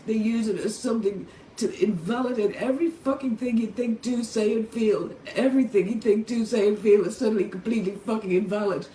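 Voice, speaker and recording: Far from the microphone, this Irish vlogger in her middle years speaks in a mellow, mid-range voice. Tearful and upset, she pours out an unfiltered monologue to the camera from a motel room, cursing a lot and flaring into anger. The audio is roomy and off-mic, carrying a faint background hum.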